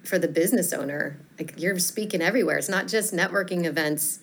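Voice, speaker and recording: A woman's voice: lowish voice, a little fast, a bit bright. A woman who coaches public speaking, talking enthusiastically and chattily in a podcast interview.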